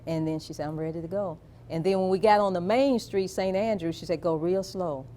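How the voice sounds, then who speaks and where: A woman being interviewed, telling a personal family story in a slow, soft, reflective way. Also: fairly low pitch, slight background noise.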